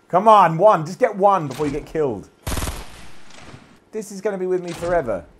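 Brief: games journalist, slightly high voice, lively self-mocking play-by-play. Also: male voice, moderate pace, a little hiss or hum. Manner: self-deprecating, swearing, muttering to himself. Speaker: games journalist playing a video game. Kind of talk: gameplay commentary.

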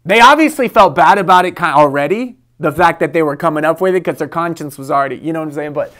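Emphatic pastor giving a devotional. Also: male voice, on the high side, fast talker, a bit bright. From United States. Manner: emphatic, reads scripture and laughs at his own anecdotes. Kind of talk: devotional sermon.

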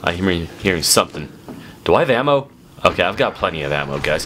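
Talking to viewers during a horror game let's play, this man shifts between quiet muttering and abrupt yelping shouts. His delivery is sing-song and fast, and a little hiss or hum sits under it.

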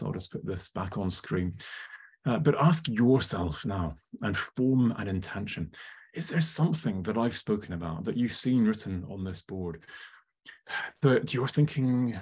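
A man's voice: lowish voice, expressive, moderate pace, darkish tone, husky. A man presenting a live online workshop, chatty and full of ums, often asking the audience questions over a video call.

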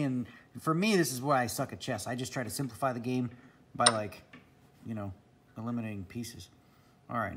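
A man's voice: mid-range voice, fairly bright tone, a little hiss or hum. A man talking casually to camera at home in a vlog, chatty, often laughing and muttering to himself. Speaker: vlogger. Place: home indoors.

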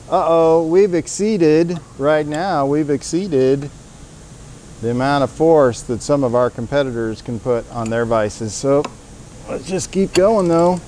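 A man's voice: on the high side, unhurried, warm tone, slight background noise. A man presenting his company's tool in a casual, upbeat product demonstration with salesman energy, in a workshop.

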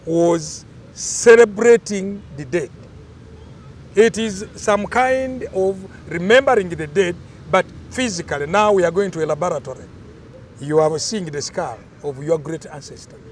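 A man's voice: high voice, animated, a little slow, a little mellow, slight background noise. An older man, explaining cultural traditions in an emphatic, storytelling way during an interview.

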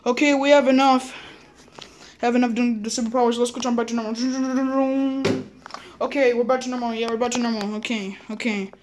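A woman's voice: fairly high pitch, flat delivery, brisk, darkish tone, a little hiss or hum. A woman rambling playfully into a phone or laptop mic while trying out a camera app, often repeating herself and saying okay.

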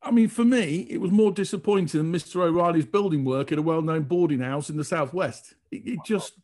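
A man's voice: on the high side, brisk, darkish tone. A man presenting a radio show, trading jokes in casual banter and chuckling at himself. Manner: jokey, chuckling, self-mocking banter.

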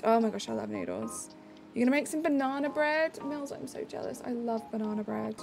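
A woman's voice: sits high, vocal fry. A young woman live streaming, answering chat messages in a bubbly, casual way.

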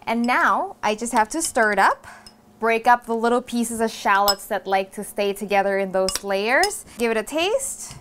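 A woman's voice: a little high, lively intonation, normal speed, fairly bright tone, slight background noise. Cheerful woman hosting a cooking show. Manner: upbeat, chatty step-by-step instructions. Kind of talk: casual cooking demonstration.

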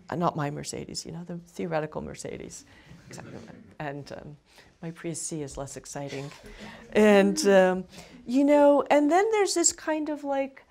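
A woman's voice: on the high side, normal speed, a little mellow. A woman in her fifties, an author being interviewed, speaking reflectively with frequent restarts and asides.

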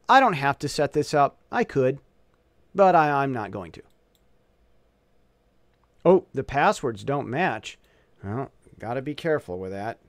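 A man giving a casual software walkthrough, thinking aloud as he clicks through, often restarting and correcting himself. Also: mid-range voice, very animated, a little slow, long pauses, no echo. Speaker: tutorial presenter.

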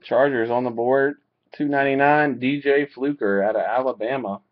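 A man opening trading card packs live and calling out each pull, reacting with excitement. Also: mid-range voice, normal speed, a little hiss or hum. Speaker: card breaker. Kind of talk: live card break commentary. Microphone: webcam mic. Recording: dull lo-fi webcam audio.

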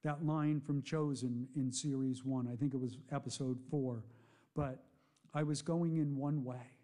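A male pastor preaching a sermon, swinging between loud, impassioned emphasis and low, quiet asides. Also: steady tone, a little slow.

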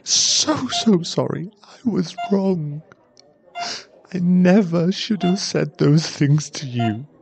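A man's voice: on the high side, vocal fry, noisy background, full character voice. A man in an ASMR role-play, voicing a young boyfriend at a hospital bedside who pleads, stammers and sounds close to tears. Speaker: ASMR voice actor.

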